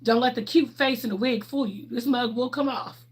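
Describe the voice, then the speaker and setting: A woman's voice: on the high side, normal speed, breathy edge. A young woman with a Southern US accent, originally from Ohio, chatting casually on a livestream in a sassy, bubbly, outspoken way. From Ohio, raised in the US South. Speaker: livestream host.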